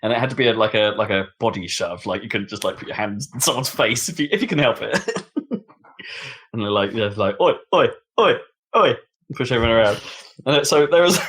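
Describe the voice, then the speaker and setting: A man co-hosting a casual gaming podcast, chatty and quick to laugh, often trailing off and restarting. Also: mid-range voice, a bit bright. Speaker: podcast co-host. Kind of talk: casual chat.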